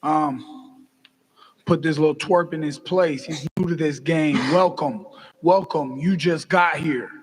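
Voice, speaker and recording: A man's voice: fairly high pitch, slow, breathy edge, rough recording. A male fighter boasting and taunting his opponent at a press conference. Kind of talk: press conference trash talk.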